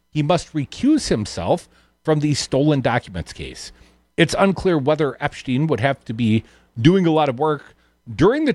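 A man's voice: medium pitch, dry recording. A man hosting a political talk radio show, reading news items aloud and adding sardonic asides. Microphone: studio microphone.

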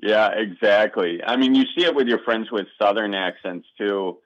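A man's voice: on the low side, normal speed, dull audio. A man, a comedian guest chatting casually in an interview, rambling with frequent restarts. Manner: rambling, restarts often, self-deprecating.

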